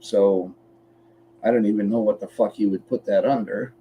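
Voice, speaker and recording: A man's voice: lowish voice, fairly even intonation, normal speed, dull audio, a little hiss or hum. A man from Canada co-hosting a podcast, chatting casually and bluntly, swearing freely while walking through a website step by step. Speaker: podcast co-host. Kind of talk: casual chat.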